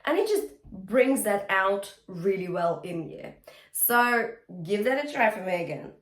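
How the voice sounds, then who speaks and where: A woman vocal coach gives a singing lesson, guiding the listener through exercises, singing short demonstration lines and checking in often. Her medium-pitched, fairly bright voice swings widely in pitch, she speaks a little slowly, and the sound is roomy.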